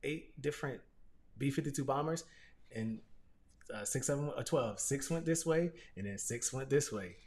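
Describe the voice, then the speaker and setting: A man chatting on a podcast, excitable and slangy, calling his friend bro. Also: medium pitch, moderate pace, a little hiss or hum. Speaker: podcast co-host. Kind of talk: casual podcast chat.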